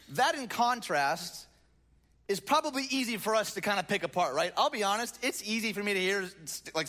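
A man's voice: sits high, bright, forceful tone. A man preaching a sermon from a stage, reading scripture and breaking into conversational, joking asides. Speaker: pastor. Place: church stage.

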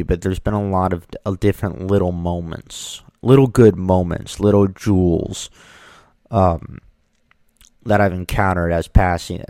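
A man telling casual stories in a rambling, halting monologue, often restarting his sentences. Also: deep voice, a little mellow, no echo, clean studio sound.

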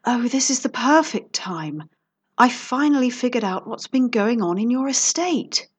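A woman's voice: on the high side, animated, a little slow, slightly rough, voice pushed up. A woman voicing a bold female private investigator with a smug, teasing and sultry manner.

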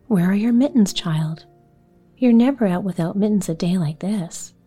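A woman voicing a brisk, motherly older sister in a storybook reading. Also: mid-range voice, dark tone, slightly rough, soft background music, close to an everyday voice.

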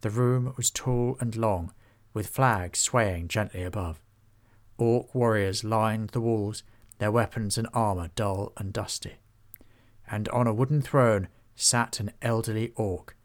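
A man narrating a children's fantasy storybook in a steady, even manner. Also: fairly low pitch, measured pace.

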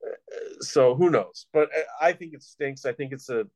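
A man's voice: medium pitch, normal speed, a little mellow, dry recording. A man hosting a casual film-review chat, blunt and sardonic, with some swearing. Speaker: podcast host, film reviewer.

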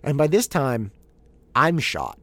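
A man telling a rambling story from home life in a mid-pitched voice, exasperated and self-mocking. He restarts often and jumps between loud bursts and soft asides, recorded close on a dry mic with no room sound. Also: huge pitch swings, takes it slowly, no echo. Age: adult father of young children. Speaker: podcast host. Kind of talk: casual storytelling monologue.

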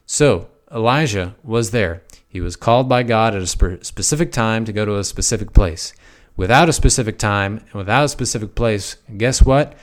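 Folksy low-voiced man teaching on prayer. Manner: conversational, folksy, with emphatic repetitions. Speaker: preacher. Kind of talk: relaxed spiritual teaching talk.

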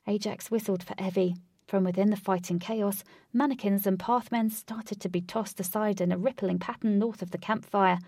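A woman reads an adventure story aloud in a steady, clear voice at a middle pitch. The recording is dry and close, with no room sound around it. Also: normal speed, no room sound. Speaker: narrator. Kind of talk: storybook narration.

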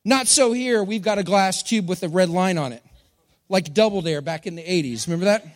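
A man's voice: high voice, a little fast. A middle-aged man from Texas, preaching a sermon to a congregation in a playful, joking manner. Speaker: pastor. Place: church hall. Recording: long hall reverb.

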